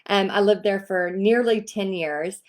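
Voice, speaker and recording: A woman's voice: mid-range voice, a little slow. A woman from Texas in her thirties, telling her own story casually to viewers and acting out the other people's lines. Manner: animated, acts out quoted voices. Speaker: host.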